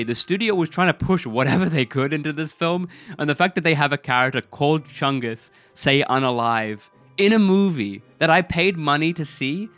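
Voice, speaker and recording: A man's voice: medium pitch, a bit bright, dry recording. A man giving casual film commentary in a rambling, incredulous way, with many fillers. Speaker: film review video creator.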